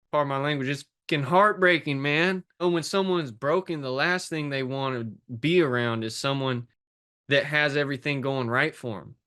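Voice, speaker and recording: A man's voice: mid-range voice, bright, forceful tone. A man talks about hardship with the pull of a preacher, his voice sitting in an ordinary middle range. He coaches people in fitness and life, speaks bluntly and swears now and then, and leans hard into every point. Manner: intense, preaching, swears, uses street phrasing. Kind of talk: emotional podcast conversation.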